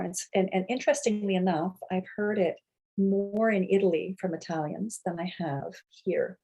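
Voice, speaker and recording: A woman's voice: medium pitch, moderate pace, mellow, poor audio. A woman lecturing students in a conversational way, checking in often with "right?" and "okay?" and thinking aloud as she goes. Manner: many fillers and restarts while thinking aloud. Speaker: university lecturer. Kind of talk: recorded lecture.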